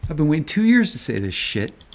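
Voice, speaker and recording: A man's voice: fairly high pitch, very animated, brisk. A man ranting on a live stream, angry and sarcastic, swearing and taunting with rhetorical questions. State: agitated. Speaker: stock market commentator.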